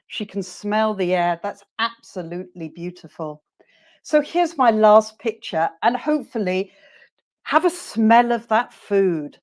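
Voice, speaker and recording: A woman teacher trainer leading a webinar, encouraging her listeners and modelling phrases slowly for them to repeat. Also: mid-range voice, a little mellow.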